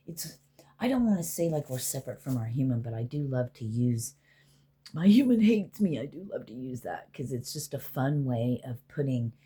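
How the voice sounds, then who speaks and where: A woman's voice: a bass voice, dark tone, breathy edge. A middle-aged woman, a spiritual healer, rambling casually and with profanity as she talks to spirits aloud.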